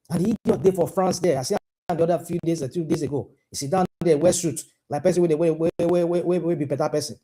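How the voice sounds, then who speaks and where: Impassioned Nigerian man, dark voice. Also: on the high side, slightly rough. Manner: impassioned, repetitive, asks pointed questions. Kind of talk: heated political commentary.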